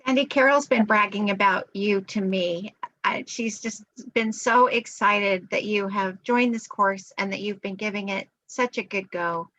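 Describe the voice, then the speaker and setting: A woman's voice: mid-range voice, a little slow. A woman leading a course, affirming others and asking questions on a video call. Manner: warmly affirming, asks questions. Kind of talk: encouraging video-call chat. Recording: dry, muffled video-call audio.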